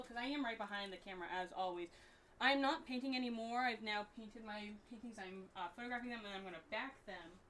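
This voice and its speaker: A young woman co-hosting a casual livestream chat, talking loudly and rambling from behind the camera. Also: fairly high pitch, far from the mic, a little hiss or hum. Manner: loud, chatty, rambling. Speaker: co-host. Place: home room, behind the camera. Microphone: mic set for the other speaker.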